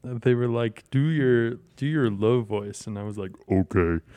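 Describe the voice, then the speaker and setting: A young man hosting a casual chat, laid-back, laughing often and pausing on fillers. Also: medium pitch, mellow, no echo. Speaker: host.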